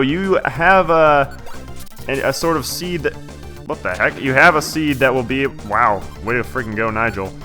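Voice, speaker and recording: A man's voice: mid-range voice, pushed and bright. A young man rambling chattily as a let's-play host, often correcting himself mid-sentence. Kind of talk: casual let's-play commentary.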